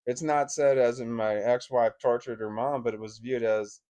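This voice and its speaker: A man at a middle pitch recounts a personal story to camera. He talks bluntly and emotionally, swears freely and keeps breaking off and restarting his sentences. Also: fairly even intonation, moderate pace, warm tone. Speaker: vlogger.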